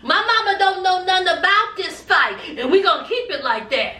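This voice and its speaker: A woman's voice: extremely high pitch, big pitch swings, normal speed, pushed and bright, recorded from a distance, exaggerated voice. A woman voicing an earnest young man pleading with his partner, in a coaxing, persuasive way. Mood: reassuring. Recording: echoey room, away from mic.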